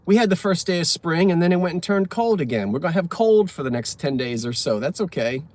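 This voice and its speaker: Inside his car, a man reads out cheesy jokes in a chatty way, teasing himself and tripping over words. His voice is on the high side, animated and a little mellow, and he talks fairly quickly.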